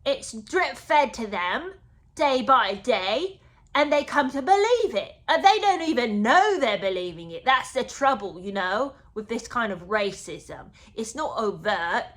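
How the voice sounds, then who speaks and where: A woman mimicking an aggrieved, self-righteous young man who pleads loudly and emphatically. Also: a little high, big pitch swings, a little slow. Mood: earnest.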